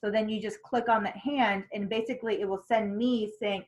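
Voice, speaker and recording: A woman's voice: medium pitch, fairly even intonation, fairly quick, hardly any pauses, low-quality recording. A woman leading a casual sales training on a group call, chatty, with lots of fillers and restarts. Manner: chatty, many fillers and restarts, acts out quotes.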